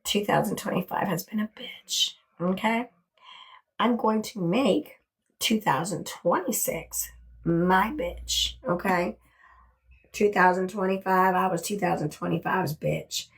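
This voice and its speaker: A woman's voice: medium pitch, unhurried, gravelly. A woman hosting a casual livestream from her bedroom, gushing and chatty, thanking viewers over and over and swearing casually. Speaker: livestream host.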